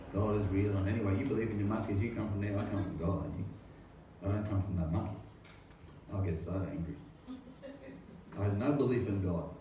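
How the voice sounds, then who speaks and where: Earnest pastor in an echoey room. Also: male voice, lowish voice, warm tone. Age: middle-aged. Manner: earnest, rambling storytelling with rhetorical questions. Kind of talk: personal faith testimony. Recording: very echoey room, distant mic, faint noise.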